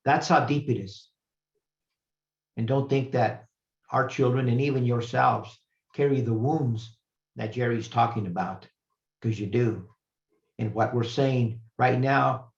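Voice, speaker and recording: A retired professor, now an older guest speaker, gives a personal storytelling lecture, earnest and reflective, often pausing and restarting his sentences. His pitch is ordinary, and the recording sounds roomy and a little muffled.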